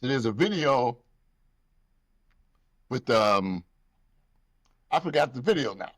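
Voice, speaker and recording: A man's voice: medium pitch, slow, dry recording. A man hosting a casual podcast, telling stories with lots of feeling, acting out the people in them and swearing freely. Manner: animated storytelling, acts out people, swears freely. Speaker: podcast host.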